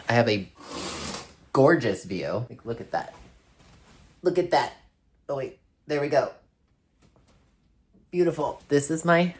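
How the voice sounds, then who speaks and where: A tired, out-of-breath man vlogging from a hotel room, rambling and laughing as he chats. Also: medium pitch. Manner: rambling, chatty, laughs often. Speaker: travel vlogger. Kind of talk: casual vlog chat to camera.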